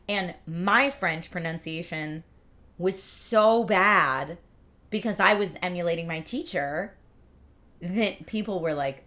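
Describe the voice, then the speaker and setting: Chatty woman streamer reading chat, lowish voice but crisp and bright, talks from her home setup. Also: slow. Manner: chatty, upbeat, rambling with fillers and restarts. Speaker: livestream host. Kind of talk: casual chat reading viewer comments.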